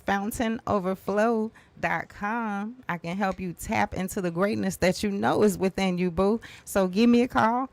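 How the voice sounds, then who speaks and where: A woman's voice: medium pitch, a little slow, creaky, hardly any pauses, no room sound. Upbeat assertive woman co-host. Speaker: co-host, coach. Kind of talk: live talk show discussion.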